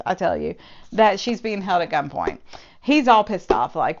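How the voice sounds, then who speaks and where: A woman's voice: medium pitch, very animated, normal speed, highs cut off. A woman casually recapping and reviewing a novel with a sarcastic, exasperated manner. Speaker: book reviewer. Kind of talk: casual spoken book review.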